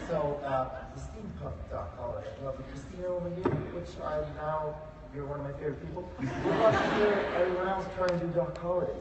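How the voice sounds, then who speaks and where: Amused high-voiced man on a panel. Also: brisk, very noisy. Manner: amused, laughing between lines. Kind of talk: casual panel chat. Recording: echoey hall mic from far off, loud crowd.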